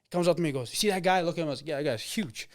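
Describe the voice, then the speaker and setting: A man's voice: on the high side, very fast. A man in his twenties, an MMA fighter, telling stories in casual chat, rambling with many fillers and acting out quoted dialogue. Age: 20s. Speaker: interview guest, MMA fighter. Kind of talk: casual storytelling.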